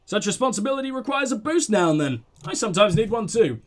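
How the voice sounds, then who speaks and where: A man's voice: sits high, very animated, fast talker. A man playing a proud old royalist guard. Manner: dignified, aloof.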